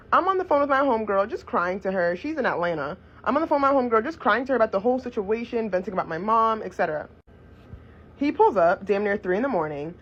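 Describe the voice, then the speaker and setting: Young woman ranting thru a storytime vlog, kinda husky voice, dull lo-fi sound. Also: medium pitch. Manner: blunt, profane, animated retelling. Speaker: storyteller vlogger. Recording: dull lo-fi recording.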